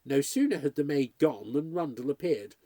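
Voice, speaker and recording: Expressive male audiobook narrator, mellow husky. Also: on the high side, moderate pace, no room sound. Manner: expressive storytelling. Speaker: audiobook reader. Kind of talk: scripted narration.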